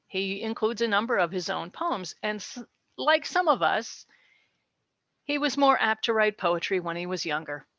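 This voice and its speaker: A woman's voice: medium pitch, fairly bright tone, no echo, muffled recording. Chatty woman giving a literature talk. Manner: chatty, with light laughs and asides. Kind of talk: casual educational talk.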